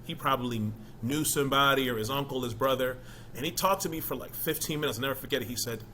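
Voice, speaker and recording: Bright-voiced man telling his story. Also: mid-range voice, fast, a little hiss or hum. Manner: conversational, emphatic, asks "you know what I mean?". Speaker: interview guest, former college football player. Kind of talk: casual interview talk.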